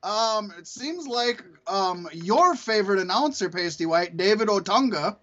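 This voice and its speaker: A man co-hosting a podcast in loose, rambling chat. His voice sits quite high, and he swears freely and laughs often between thoughts. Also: lively intonation, a little slow, fairly bright tone, dull audio. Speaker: podcast co-host. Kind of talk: casual chat.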